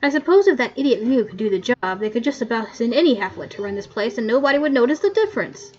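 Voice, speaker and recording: A woman reading the lines of a grumpy old male coroner, loud and gruff, on a muffled lo-fi mic. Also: fairly high pitch, big pitch swings, fast.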